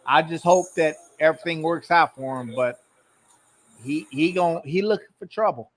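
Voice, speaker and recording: A man's voice: fairly high pitch, normal speed, rough recording. A man co-hosting a commentary show, reacting in a plain-spoken, folksy way. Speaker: show co-host. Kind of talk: casual commentary chat.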